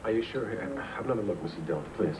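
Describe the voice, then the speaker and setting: An actor playing a blunt, pushy American police detective questioning a witness. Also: male voice, fairly low pitch, expressive, racing, lightly acted. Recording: noisy old videotape broadcast.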